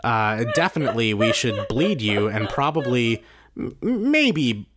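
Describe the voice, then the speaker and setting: A man's voice: medium pitch, sing-song, measured pace, a crowd in the background. Wry, joking podcast man. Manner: wry, joking, swears casually. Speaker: podcast co-host. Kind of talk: casual chat and reading listener mail.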